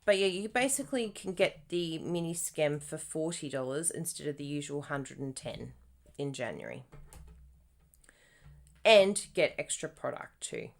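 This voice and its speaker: A young woman chats through a live papercraft tutorial, bubbly and prone to giggles and squealed exclamations. Her pitch swoops widely from phrase to phrase. She talks at an easy, unhurried pace. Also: animated, creaky. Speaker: papercraft demonstrator hosting a live stream. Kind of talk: casual live craft tutorial.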